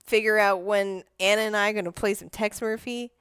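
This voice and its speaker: A woman's voice: medium pitch, fairly even intonation, fairly quick, fairly bright tone. A woman hosting a game stream, chatting casually with friends in a rambling way, full of fillers and restarts. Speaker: streamer host. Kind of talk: casual chat.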